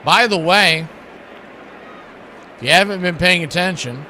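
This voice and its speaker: A man, calling baseball play-by-play on the radio as host in a folksy, chatty way with asides between pitches. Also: a little slow, sharp tone, slight background noise.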